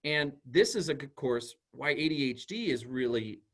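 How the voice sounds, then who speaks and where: Husky, lively man giving a talk. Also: medium pitch, normal speed. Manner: animated storyteller using everyday examples. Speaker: school psychologist giving a talk. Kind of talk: presentation to an audience.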